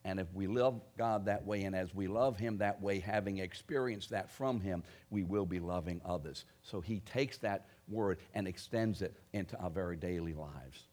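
A man preaching a sermon, stressing key phrases loudly, then dropping low and quiet. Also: normal speed, hardly any pauses.

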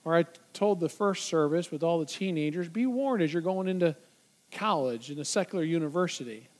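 A man's voice: on the high side, animated, brisk, a little mellow. A male pastor preaching a sermon, emphatic, asking the congregation rhetorical questions.

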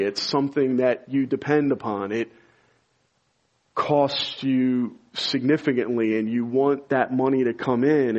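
A male pastor preaches with a husky, somewhat breathy voice at a mid pitch. He moves from calm explanation to loud, soaring emphasis as he presses a point home. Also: highs cut off. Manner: rises to loud, high-pitched emphasis when stirred. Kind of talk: sermon.

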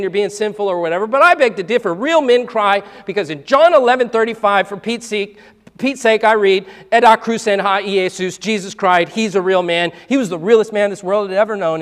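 A man in his thirties, a pastor preaching a sermon in a lively, conversational way with asides and rhetorical questions. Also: high voice. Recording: hall reverb.

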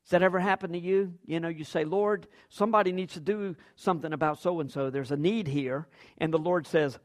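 A man's voice: high voice, expressive, brisk. A man preaching a sermon as pastor, acting out quoted lines with big jumps in his voice.

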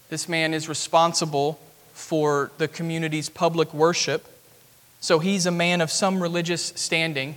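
A man's voice: on the high side, a bit bright. A man preaching an expository sermon in a church, earnest and building to emphatic peaks. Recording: long hall reverb.

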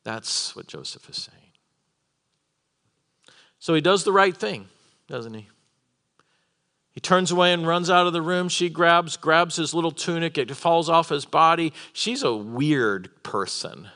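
Bright, somewhat high-voiced male preacher, animated storyteller who acts out the characters, at a conference. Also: a little slow, long pauses. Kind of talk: sermon. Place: conference hall with live audience.

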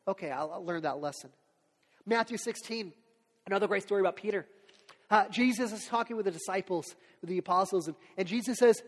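A man preaching a sermon in a casual, animated storytelling way, as a pastor. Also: high-pitched, fairly quick. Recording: long hall reverb.

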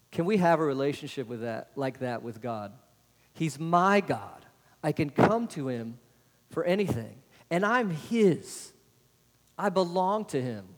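A man preaching a sermon to a congregation. He keeps asking them rhetorical questions. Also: a little high. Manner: asks the congregation many rhetorical questions, adds "right?". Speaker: pastor. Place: church sanctuary. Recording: long hall reverb.

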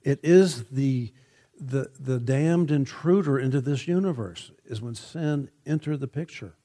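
A man preaching a sermon, measured and emphatic, lifting his voice when he quotes scripture. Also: mid-range voice, warm tone.

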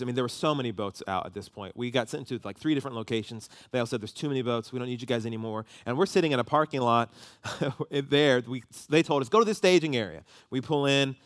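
A man delivers a sermon as a lively story. His voice sits at a middle pitch and climbs with emotion as he goes. The sound is dry and close, with no room echo.

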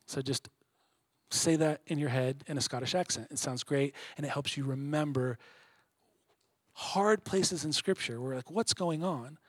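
A man preaching a sermon, earnest, swelling louder on key points and dropping quiet between them. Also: fairly high pitch, a little slow, husky, no echo. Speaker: pastor.

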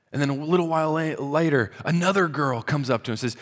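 A male pastor delivers a sermon in a relaxed, storytelling way, sinking to a soft, low voice at solemn points. His voice sits at a middle pitch. It carries a long reverb, as if filling a large sanctuary. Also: fast, few pauses.

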